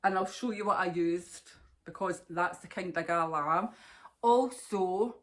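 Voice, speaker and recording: A woman's voice: lowish voice, a little slow. A Scottish woman hosting a knitting podcast, chatting casually to camera in a rambling way and laughing often.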